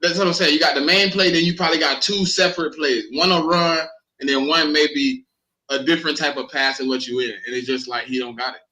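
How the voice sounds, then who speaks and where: A man breaks down football in casual sports talk. His voice is bright and forceful and sits a little high. He is animated and profane, and he doubles back on his words when he gets going. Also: brisk, low-quality recording. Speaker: co-host.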